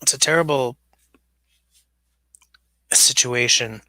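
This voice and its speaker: A man's voice: medium pitch, takes it slowly, bright, forceful tone. A man hosting a casual livestream, rambling and chatting while he reads viewer comments aloud. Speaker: livestream host. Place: basement. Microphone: smaller mic than his usual setup.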